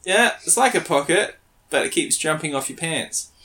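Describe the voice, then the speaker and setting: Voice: mid-range voice, animated, normal speed, bright, forceful tone. A podcast host chatting casually and joking around with a co-host. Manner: joking, rambling, playful. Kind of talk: casual chat.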